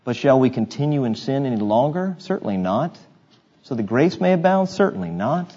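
A man's voice: medium pitch, big pitch swings, moderate pace, mellow, breathy edge, muffled recording. A male pastor preaching an expository sermon, reading scripture and asking his congregation rhetorical questions in a conversational way.

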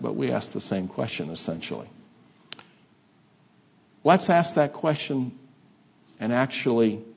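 Older male preacher, unhurried and halting, muffled lo-fi recording. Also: mid-range voice, a little mellow. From Texas. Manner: halting, many uh fillers, conversational. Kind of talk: sermon. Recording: dull lo-fi sound.

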